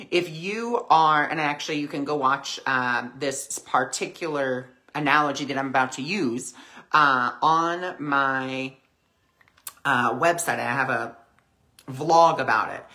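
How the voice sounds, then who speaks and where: A woman's voice: sits low, sharp tone. A woman hosting a weekly spiritual discussion, talking conversationally and acting out voices in her stories. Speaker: spiritual teacher.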